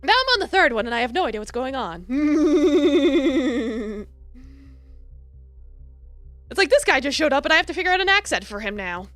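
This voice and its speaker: A woman's voice: high-pitched, big pitch swings, moderate pace, long pauses, a bit bright, no room sound, faint music behind. A young American woman streaming a story game, chatting casually, giggly and self-mocking. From United States. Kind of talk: casual gameplay commentary.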